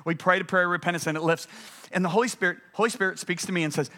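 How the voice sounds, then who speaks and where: Played from a church stream, this sermon comes from a male guest preacher whose high-pitched voice is steady yet sharp and very fast. He narrates a story, acting out quotes dramatically and erupting into sudden energy.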